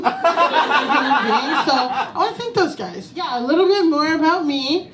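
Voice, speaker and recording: Brief: high-pitched female stand-up comic, salty and animated, recorded from a distance in an echoey club. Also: measured pace, very noisy. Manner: profane, animated, breaks into laughter. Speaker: stand-up comedian. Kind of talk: stand-up comedy set. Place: small comedy club stage. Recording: echoey room, mic from a distance.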